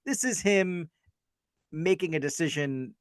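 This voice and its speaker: A man's voice: a little high, unhurried, dry recording, clean studio sound. A man co-hosting a podcast, chatting casually about a film in a rambling, hedging way. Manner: rambling, hedging, self-deprecating. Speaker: podcast co-host.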